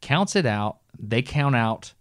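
Middle-aged male podcast co-host, a lively, laughing storyteller with a mid-range voice, recorded close and dry. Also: mid-range voice, slow pace, no echo. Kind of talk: casual storytelling chat.

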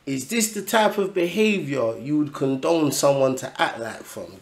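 Gravelly man ranting. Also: fairly high pitch, lively intonation, moderate pace, a little hiss or hum. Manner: blunt, profane, exasperated. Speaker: reaction commentator. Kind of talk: ranting reaction commentary.

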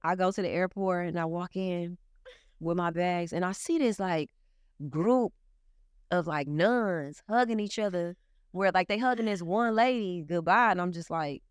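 Young woman, animated storyteller, profane, smooth clear voice. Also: moderate pace, no echo, clean studio sound. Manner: animated, profane, swings into high excited outbursts. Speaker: guest artist. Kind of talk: casual storytelling in an interview.

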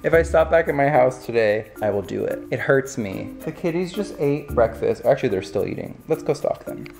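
Casual vlogging man, chatty and jokey, handheld camera feel, slightly gravelly. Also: medium pitch, lively intonation, a little fast. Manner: chatty, joking, rambling asides. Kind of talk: casual vlog chat. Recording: background music over voice.

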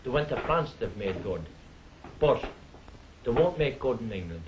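A man's voice: medium pitch, very animated, moderate pace, dull audio, slight background noise. Impassioned Irish man speaking earnestly. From Ireland. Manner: earnest, emphatic, repeats his points. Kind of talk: impassioned speech to camera.

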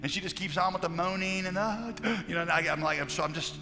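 A man preaching a sermon as a pastor, passionate, moving from loud declarations to hushed storytelling. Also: high-pitched, quick pace. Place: large conference hall. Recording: live hall recording with long reverb and faint music.

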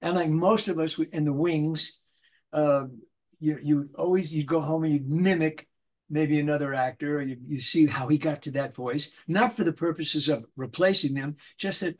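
A high-leaning male voice at moderate pace belongs to an older voice actor chatting as an interview guest. Casual and animated, he brings his anecdotes to life with little character voices.

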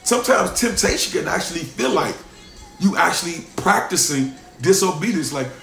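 A male pastor preaching a sermon with a high, lifted voice. He stresses points by repeating them and drops from loud bursts to quiet asides. The room is echoey, with faint music underneath. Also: lively intonation, normal speed, creaky. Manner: emphatic, repeats lines for stress, swings from loud to hushed.

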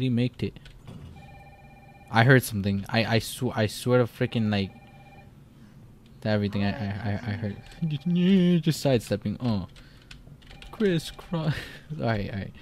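A man's voice: mid-range voice, unhurried, long pauses, a little hiss or hum. A young man giving casual let's-play commentary, jumpy and profane, rambling through his reactions. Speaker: gamer.

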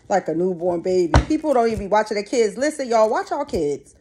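A woman's voice: mid-range voice, sing-song, fast talker, few pauses. Blunt, profane woman reading tarot. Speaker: tarot reader. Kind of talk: casual tarot reading to viewers. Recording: noisy background.

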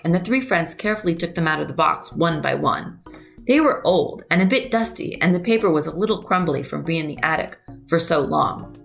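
A woman reads a story aloud to young children and then walks them through a craft, gentle and patient. Her voice is lowish with a gravelly edge. Soft music plays faintly behind her. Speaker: museum storyteller and craft presenter.

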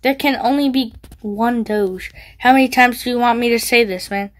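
A woman's voice: a little high, moderate pace. A woman giving goofy, teasing gameplay commentary, yelping and squealing when she gets hit. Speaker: gaming video creator.

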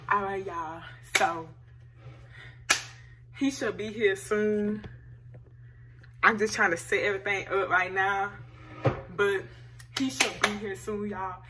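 Young woman vlog host; animated, slangy, teasing delivery straight to camera. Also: mid-range voice, takes it slowly, long pauses, background noise. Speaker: vlogger host. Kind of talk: casual chat to camera.

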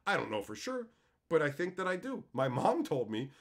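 A man chatting live with his stream audience, his pitch sitting a little high and jumping around widely as he talks. He swears freely and often breaks into loud, exclaiming bursts before dropping back to easy chat. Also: very animated, moderate pace.

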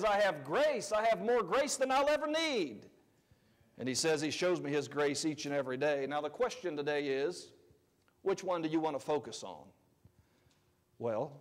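A man preaching a sermon as pastor, conversational, swinging between loud emphatic lines and quiet asides. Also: a little high, long reverb tail. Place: church sanctuary.

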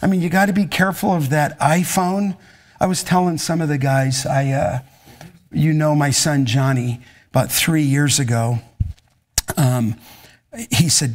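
A man's voice: fairly high pitch, fairly even intonation, measured pace. Intense, emphatic middle-aged male pastor. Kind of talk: sermon with questions from students.

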